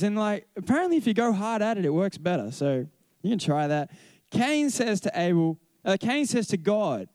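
A man's voice: high voice, big pitch swings, fast talker, darkish tone, dry recording. A man who teaches, giving a casual Bible talk, rambling and correcting himself as he tells stories. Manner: rambling, self-correcting storyteller.

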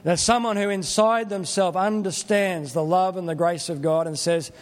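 A man's voice: high voice, steady tone, normal speed, long reverb tail. A middle-aged man preaching a sermon in a plain-spoken, earnest, conversational way. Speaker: pastor.

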